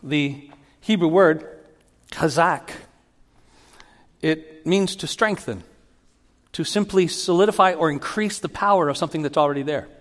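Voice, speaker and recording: A man giving a sermon as a pastor, teaching in an animated way and acting out Bible quotes with rising emphasis. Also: a little high, moderate pace. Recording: long hall reverb.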